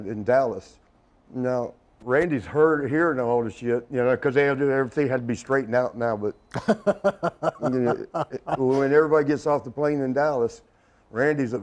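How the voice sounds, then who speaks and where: A man's voice: medium pitch, a little mellow. A middle-aged man as an interview guest, telling a rambling anecdote in a casual way, often chuckling and acting out other people's lines.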